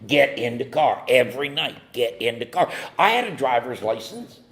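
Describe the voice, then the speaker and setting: A man's voice: mid-range voice, very animated, moderate pace, fairly bright tone. A man from North Carolina sharing a humorous personal story at a recovery meeting with wry, mock-indignant timing. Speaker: speaker at AA meeting.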